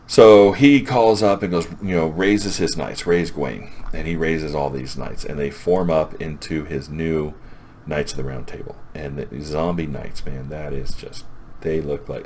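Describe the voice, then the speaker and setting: A man's voice: a bass voice, a little mellow, slight background noise. A man casually retelling a comic's plot as a reviewer, rambling and enthusiastic.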